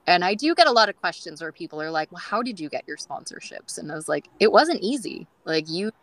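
A woman's voice: lowish voice, very animated, quick pace, fairly bright tone, dry recording, low-quality recording. A woman guest on a groomers' podcast, telling stories in a chatty way with many fillers and acting out quoted dialogue. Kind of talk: casual storytelling interview.

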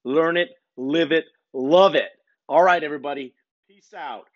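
A man's voice: fairly high pitch, normal speed, dry recording, highs cut off. A man in his forties hosting a podcast, talking in a casual, profane, meandering way and poking fun at himself. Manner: profane, meandering, self-mocking. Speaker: podcast host. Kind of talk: casual rambling monologue.

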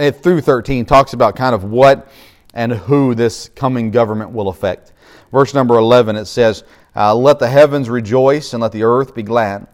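A man's voice: mid-range voice, darkish tone. A middle-aged man, a pastor, preaching a sermon in a conversational way, with frequent fillers and restarts.

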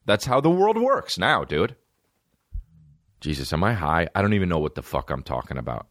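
A man's voice: low-pitched, very animated, moderate pace, no echo, studio quality. Rambling, profane male podcast host. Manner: profane, rambling, mimics other people's voices. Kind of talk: casual solo comedy podcast rant. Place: small indoor room with a creaky chair.

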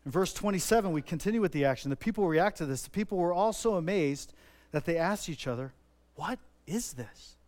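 A man's voice: high voice, expressive, quick pace, a little mellow. A middle-aged man preaching a sermon, earnest and repetitive, leaning hard on stressed words. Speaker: pastor.

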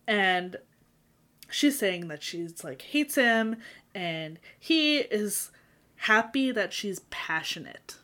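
A woman's voice: lowish voice, sing-song, fairly bright tone. Exasperated young-sounding woman chatting. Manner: indignant, exasperated, quick to laugh. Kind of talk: casual book discussion chat.

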